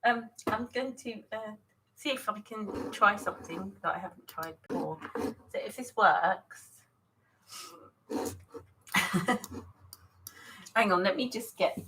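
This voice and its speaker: A woman hosts a relaxed live stream as she gets ready to paint, chatting in a loose, scattered way and greeting viewers one by one. Her voice sits at an ordinary middle pitch, and laughter keeps breaking into her talk. A faint hiss runs under everything. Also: slow, long pauses. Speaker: artist hosting a live stream. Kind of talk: casual live-stream chat while setting up to paint.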